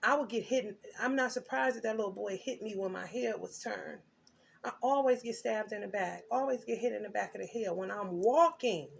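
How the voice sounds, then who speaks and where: A woman's voice: medium pitch, moderate pace, creaky, a little hiss or hum. A woman doing a tarot reading, telling her story intensely and emphatically with blunt slang. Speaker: tarot reader.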